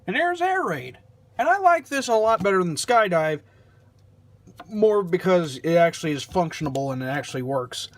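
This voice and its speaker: Male toy vlogger, slightly high-pitched, offhand sarcastic delivery with self-deprecating asides. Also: big pitch swings, normal speed, dry recording. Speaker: toy reviewer. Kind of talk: casual toy review vlog.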